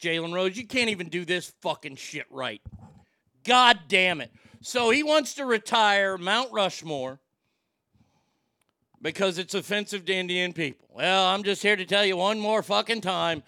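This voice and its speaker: A man's voice: high-pitched, no room sound. A man hosting a radio show, ranting angrily and swearing, feeling sick after being up all night. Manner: profane, ranting, shouting in outbursts. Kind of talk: angry talk radio rant. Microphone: broadcast board mic.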